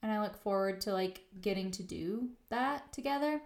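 A woman's voice: mid-range voice, normal speed, vocal fry, darkish tone. Earnest woman co-hosting a podcast from her kitchen. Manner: reflective, earnest, many filler "like"s. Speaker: podcast co-host. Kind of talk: casual conversational podcast chat. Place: home kitchen. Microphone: microphone on a table in front of her.

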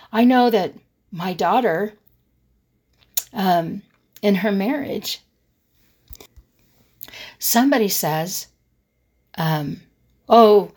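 A woman's voice: on the high side, husky. An older woman talking earnestly and emphatically about not apologizing, telling personal stories as a vlogger. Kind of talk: personal advice talk.

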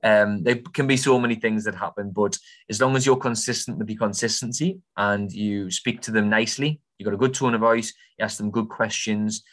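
A man's voice: lowish voice, fairly even intonation, brisk, a bit bright. A young man, giving blunt, informal property advice as a podcast host in a casual monologue. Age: young adult.

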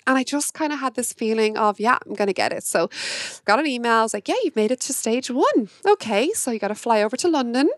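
An Irish woman hosting her own podcast, talking fast and passionately in a casual monologue. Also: a little high, expressive, dry recording, clean studio sound. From Ireland. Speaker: podcast host.

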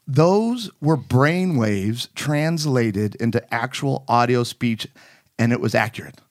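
A man hosting a casual talk show, excitable and rambling as he explains things. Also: mid-range voice, slow. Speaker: podcast host. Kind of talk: casual chat.

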